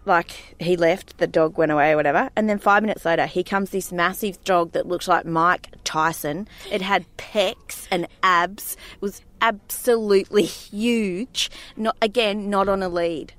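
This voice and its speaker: A woman's voice: fairly low pitch, steady tone, unhurried, hardly any pauses, a bit bright, dry recording. A woman co-hosting a casual chat, telling stories bluntly and acting out the people in them. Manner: chatty storyteller, acts out quotes, blunt and indignant.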